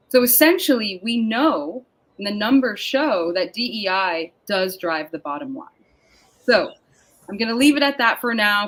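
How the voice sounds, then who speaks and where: A woman hosting a panel discussion over a video call, speaking in an upbeat, emphatic and deliberate way. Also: mid-range voice, fairly bright tone, poor audio. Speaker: panel host and moderator. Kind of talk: scripted-sounding webinar introduction.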